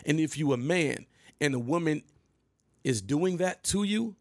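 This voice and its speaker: Middle-aged guy from michigan telling a wild story, gravelly voice, gets loud and animated, dry close sound. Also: on the high side, a little slow, no echo. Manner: animated, emphatic, acts out scenes. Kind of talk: casual storytelling monologue.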